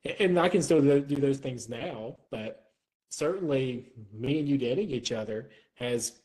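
A man's voice: medium pitch, animated, unhurried, darkish tone, poor audio. A man who is a guest on a podcast, speaking in an earnest, reflective way and repeating words as he thinks. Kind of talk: casual chat.

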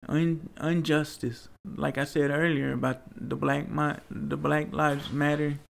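A man's voice: a little high, level tone, measured pace, creaky. A man being interviewed, telling personal stories in an earnest, rambling way that turns to pleading.

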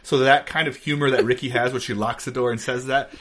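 A man's voice: medium pitch, fairly even intonation, quick pace, fairly bright tone. A man in his thirties co-hosting a podcast, telling funny stories in casual chat and laughing through the punchlines. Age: 30s. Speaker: podcast co-host.

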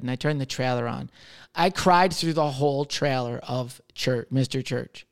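A man's voice: mid-range voice, fairly even intonation, normal speed, smooth. A man in his thirties chatting casually on his own, sarcastic and crude, mocking himself as he tells stories. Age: 30s. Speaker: server, solo podcaster. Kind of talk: casual solo chat answering question cards.

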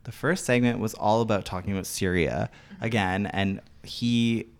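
Chatty low-voiced man recapping. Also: moderate pace, clear, resonant tone. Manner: chatty, animated retelling with quoted voices. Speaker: podcast co-host. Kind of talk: casual chat recapping a talk show.

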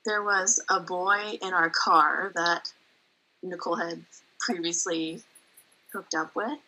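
Young woman guest, husky and bright, candid and loose-tongued. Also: on the low side, slow pace, poor audio. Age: young adult. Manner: candid storyteller, swears casually. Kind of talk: casual chat.

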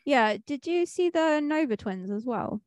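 A woman's voice: sits high, animated, unhurried, darkish tone, no room sound, clean studio sound. A woman from Manchester co-hosting a podcast, chatting casually and rambling with lots of fillers and restarts. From Manchester, England. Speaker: podcast co-host. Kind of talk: casual chat.

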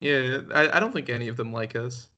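A man's voice: medium pitch, a little fast, bright, forceful tone. A man co-hosting a podcast in casual chat, rambling, self-deprecating and laughing often. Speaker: podcast co-host.

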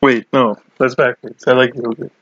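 A man co-hosting a podcast in casual chat, chatty and quick to laugh. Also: medium pitch, flat delivery, a bit bright, highs cut off. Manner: chatty, laughs often, restarts and fillers. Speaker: podcast co-host.

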